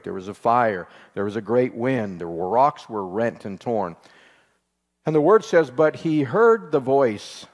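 A man preaching an earnest sermon, quoting scripture and slowing down on key phrases. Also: mid-range voice. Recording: long hall reverb.

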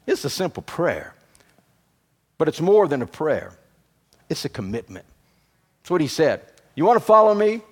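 Male preacher, high-pitched and highly animated delivery, fervent sermon cadence with sudden hushed drops. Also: moderate pace, long pauses, husky. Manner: preaching with rising emphatic bursts and quiet drops.

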